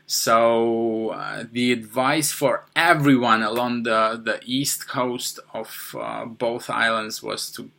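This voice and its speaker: A man hosting a podcast, telling a first-person story in a halting way, with many fillers and restarts. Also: mid-range voice, steady tone, creaky, pushed and bright. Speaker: podcast host.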